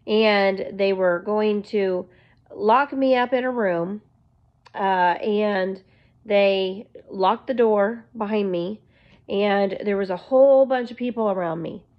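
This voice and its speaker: Slow-talking woman, earnest home vlog. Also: medium pitch. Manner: earnest, rambling storytelling. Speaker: vlogger. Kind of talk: casual faith testimony to camera. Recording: dull lo-fi recording.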